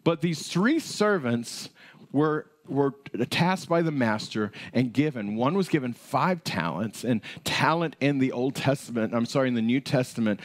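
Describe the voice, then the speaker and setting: A male pastor preaching a conversational sermon, retelling a parable with lively storytelling. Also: medium pitch.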